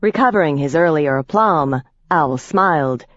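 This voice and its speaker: A woman's voice: sits low, lively intonation, moderate pace, no echo. A woman narrates a first-person fantasy audiobook with tense, vivid storytelling. The recording is dry and close, with a slightly dull, muffled top end.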